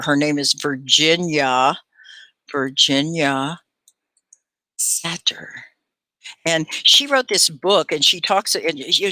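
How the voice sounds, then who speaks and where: A woman teaching English live online, her bright voice rising and falling in lively swoops. She chats encouragingly with her students, and the sound is close and dry, with no room around it. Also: low voice, no room sound. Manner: warm, encouraging, chatty with viewers. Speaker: ESL teacher hosting a livestream class.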